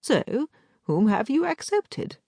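A woman reading the part of a flattering, scheming gentleman captain in an audiobook, with polished, courtly manners. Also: on the high side, slow pace, vocal fry, no echo, clean studio sound, voice pushed up, exaggerated voice. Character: charming smooth-talking gentleman captain, scheming. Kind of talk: audiobook character voice.

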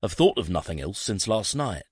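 A man's voice: fairly low pitch, very animated, moderate pace, husky, no echo, studio quality, pitched above the performer's own voice. A man voicing a confident, wry male detective who reassures his nervous friend. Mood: reassuring.

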